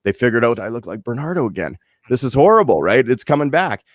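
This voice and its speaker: A man from Winnipeg in his late forties, co-hosting a podcast and telling a story in lively casual chat, acting out the voices as he goes. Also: medium pitch, fast talker, no echo, studio quality. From Winnipeg, Canada. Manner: animated storyteller, restarts and acts out voices. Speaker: podcast co-host.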